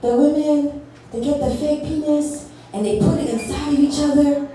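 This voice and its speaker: A woman's voice: high-pitched, fairly even intonation, moderate pace, warm tone, soft background music, pitched above the performer's own voice, lightly acted. A woman doing a preachy Haitian pastor. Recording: echoey club from far off, crowd.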